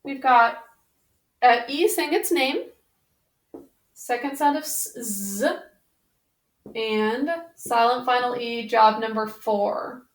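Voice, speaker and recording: A woman's voice: a little high, slow pace, long pauses. A woman teaching a spelling lesson on video, patiently sounding out words one sound at a time. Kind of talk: slow, careful spelling lesson. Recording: roomy echo.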